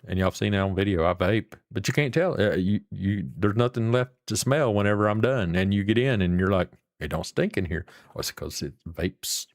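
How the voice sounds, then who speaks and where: Middle-aged man, low voice, folksy rambling livestream chat, dry close sound. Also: no room sound. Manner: rambling, folksy, swears casually. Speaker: livestream host. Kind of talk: casual chat with viewers.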